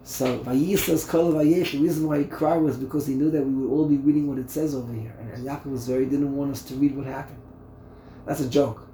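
A man's voice: medium pitch, fairly even intonation, quick pace, hardly any pauses, dark tone, echoey room, slight background noise. A man, a rabbi, teaching a Torah class in a conversational way, asking his listeners rhetorical questions and often repeating words.

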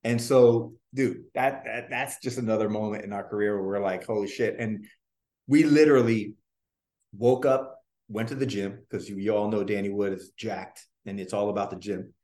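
A man's voice: fairly low pitch, steady tone, moderate pace, warm tone. A man in an interview telling casual stories about his music career, rambling with restarts and the odd swear. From Orlando. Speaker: guest, former boy band member.

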